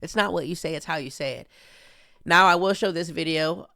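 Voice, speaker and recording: A man's voice: on the high side, brisk, gravelly, bright, forceful tone, no room sound. A man reacts to clips on his stream in a rambling, sarcastic voice. He sounds exasperated and loose, and the recording is dry and close. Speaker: streamer host. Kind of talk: casual reaction commentary.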